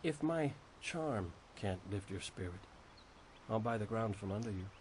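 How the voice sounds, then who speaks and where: A man's voice: lowish voice, lively intonation, a little slow, a little mellow, a little hiss or hum. An actor voicing an arrogant rich young man in a video game, who speaks in a smug, haughty, pushy way.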